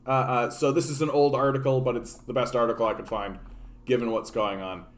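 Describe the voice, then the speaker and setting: A man's voice: mid-range voice, brisk. A man from Canada hosting a political livestream, ranting casually with profanity and many restarts. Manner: profane, animated, repeats and restarts words.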